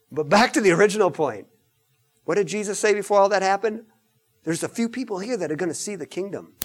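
A man preaching a sermon in an animated, emphatic way, mixing in joking asides. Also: sits high, quick pace.

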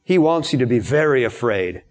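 A man preaching a sermon in a storytelling way, acting out the lines of the people in his story with sudden high shouts. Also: expressive, moderate pace.

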